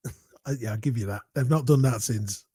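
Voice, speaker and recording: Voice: medium pitch, normal speed, dark tone, breathy edge, no echo, clean studio sound. A co-host in a casual chat, teasing and argumentative, laughing often. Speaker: podcast co-host.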